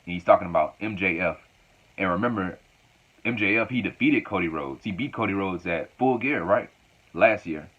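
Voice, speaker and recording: A man's voice: sits low, normal speed, a bit bright, breathy edge, highs cut off. A man reviewing a wrestling show in a casual, rambling way, repeating phrases as he recaps.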